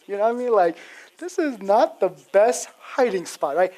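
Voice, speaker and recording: A man preaching a sermon, telling the story in a casual, animated way with lots of fillers. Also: sits high, brisk. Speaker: pastor.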